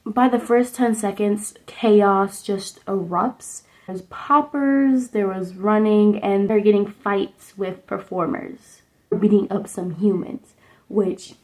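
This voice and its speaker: A woman's voice: medium pitch, fairly even intonation, slow pace, a little mellow, poor audio. A young woman vlogger recapping a movie in a casual, rambling way, with lots of "like" fillers, talking at home. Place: indoors at home under a sunset lamp.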